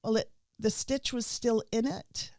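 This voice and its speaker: A woman's voice: a little high, measured pace, no echo. Middle-aged lady chatting on a podcast, storytelling, dry close mic. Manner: storytelling, warm and animated with laughs. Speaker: rescue dog trainer, guest. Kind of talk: casual podcast conversation.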